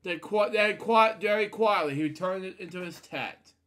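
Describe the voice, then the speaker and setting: Man, high voice, bright tone, bedtime story reading, small restarts. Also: normal speed. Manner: reads aloud with small restarts, voicing characters lightly.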